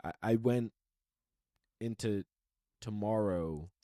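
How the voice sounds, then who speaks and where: A man's voice: lowish voice, takes it slowly, dark tone, no room sound, studio quality. A man co-hosting a podcast, chatting casually and reflectively, often repeating his points. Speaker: podcast co-host. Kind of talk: casual chat.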